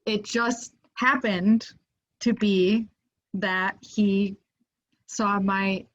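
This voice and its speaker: A woman's voice: mid-range voice, extremely slow. Chatty young woman telling a surf story. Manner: animated, many "like" fillers, acts out quoted voices. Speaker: podcast guest, surfer. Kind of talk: casual storytelling. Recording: muffled lo-fi audio.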